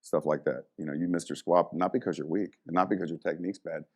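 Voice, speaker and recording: Deep-voiced man telling animated stories. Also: fast talker, breathy edge. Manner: animated storyteller, acts out quoted voices. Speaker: guest, former college strength coach. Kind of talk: storytelling in a casual interview.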